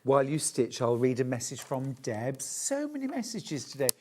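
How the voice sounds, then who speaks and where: Low-voiced presenter, lively pitch. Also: female voice, moderate pace, a little hiss or hum. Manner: reads viewer messages aloud, warm asides. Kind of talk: live TV shopping presenting.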